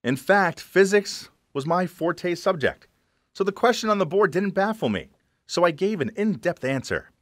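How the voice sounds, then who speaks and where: Young man narrating with lively pitch. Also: moderate pace, no echo. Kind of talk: first-person animated story narration.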